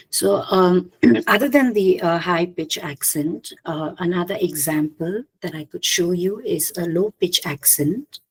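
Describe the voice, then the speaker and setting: Speaking with a Khasi accent, a woman gives an academic presentation on linguistics, halting often with fillers and clearing her throat frequently. Her voice is lowish and a little mellow, and the audio quality is poor.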